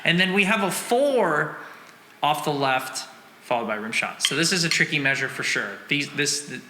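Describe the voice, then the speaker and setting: A man's voice: fairly high pitch, expressive, moderate pace, heavy background noise. A man teaching drum rhythms, counting and singing the beats aloud, and often correcting himself. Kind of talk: instructional breakdown. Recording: echoey room with loud drumming. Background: drumming.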